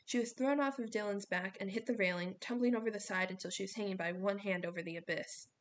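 A woman reading a novel aloud, steady storytelling with small slips. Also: mid-range voice, quick pace, slight background noise. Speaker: audiobook reader.

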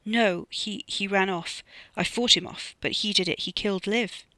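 A desperate young man hisses and pleads his way through a lie, as an author reading an audiobook puts him on. The tone stays bright and forceful, close and dry with no room sound. His words come through gritted teeth. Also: medium pitch, moderate pace, no room sound, natural voice. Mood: pleading. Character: panicking young man covering up a killing.

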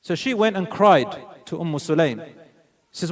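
A man's voice: high-pitched, racing. A man giving a sermon, earnestly telling stories and mixing in Arabic phrases. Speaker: preacher.

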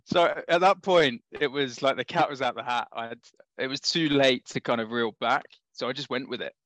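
A man with a London accent, a startup founder guest, chatting and telling an animated story on a podcast. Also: mid-range voice, moderate pace, no echo. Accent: London English. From England. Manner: animated anecdotal, laughs often.

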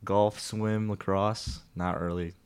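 A man's voice: lowish voice, steady tone, takes it slowly, darkish tone, slight background noise. A teenage boy co-hosting a school podcast from a classroom, laid-back and slangy. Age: late teens. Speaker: podcast co-host. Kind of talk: casual chat.

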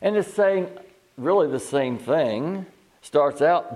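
An older man delivers an informal, folksy sermon that keeps wandering off track; he often restarts sentences and chuckles at his own stories. His voice is medium-pitched and darkish, at a measured pace.

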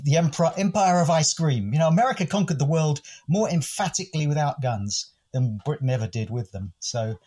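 Older man from the UK, a guest who muses thoughtfully, with a slightly husky voice. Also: a little high, animated, brisk, few pauses, darkish tone. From United Kingdom. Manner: thoughtful, literary, musing. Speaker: guest, philosophy podcast host. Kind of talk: reflective interview talk.

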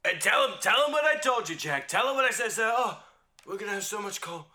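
A man's voice: sits high, expressive, fast talker, bright, forceful tone, exaggerated voice. A man doing a brash, bragging impression of an older male politician. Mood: boastful.

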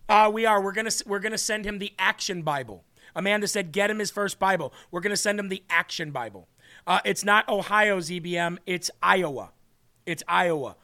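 A man hosting a live-streamed faith talk show, reading viewer comments and talking in an earnest, excitable way. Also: sits high, fairly quick, vocal fry. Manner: earnest, excitable, restarts and laughs often. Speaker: host of an online faith show.

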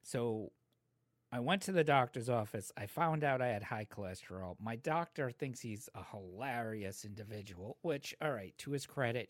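A man in his thirties casually telling a profane, laid-back story to friends, getting animated when he quotes others. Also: on the low side, no room sound.

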